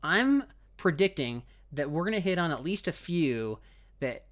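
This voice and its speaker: Middle-aged guy hosting a chatty podcast, kinda high voice, teasing, trips over his words. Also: sing-song, measured pace, a bit bright. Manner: teasing, restarts often. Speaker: podcast host. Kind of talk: casual podcast chat.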